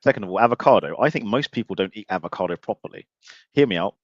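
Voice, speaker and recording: A man's voice: on the low side, animated, quick pace, no room sound, highs cut off. A man hosting a live-stream interview, blunt and joking, with emphatic opinions and mild swearing. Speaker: podcast host.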